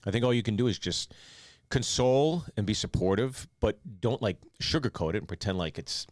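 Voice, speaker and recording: A man in his forties co-hosting a podcast, talking in a relaxed and earnest way. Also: fairly low pitch, fairly quick, no echo, clean studio sound. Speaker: podcast co-host. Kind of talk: casual podcast chat.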